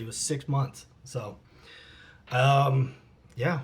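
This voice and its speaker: A man in his forties reading out and answering fan questions in a casual vlog, relaxed and swearing freely. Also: mid-range voice, a little slow, pauses often, breathy edge.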